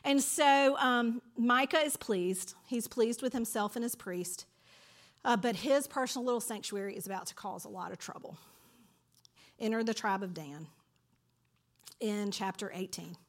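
A woman teaching from a Bible passage in a lively, conversational storytelling manner. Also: on the high side, moderate pace.

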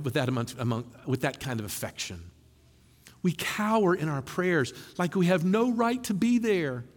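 A middle-aged man preaching a sermon in a church, earnest and animated, his voice rising for emphasis. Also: on the high side. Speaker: pastor. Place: church sanctuary. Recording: long reverb in a large hall.

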